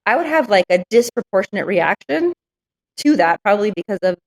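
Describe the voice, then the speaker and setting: A woman's voice: mid-range voice, sing-song, a little fast, rough recording. A woman business owner telling candid stories in an interview, frank and reflective with many fillers.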